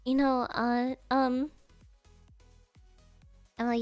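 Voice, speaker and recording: A woman streamer telling a rambling story in casual chat, giggling often and filling pauses with Japanese interjections. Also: sits high, no room sound, soft background music.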